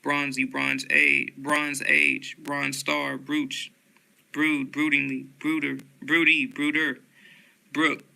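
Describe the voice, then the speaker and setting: A man reading dictionary entries aloud one word at a time, with flat, unhurried delivery and occasional stumbles. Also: on the high side, creaky, rough recording.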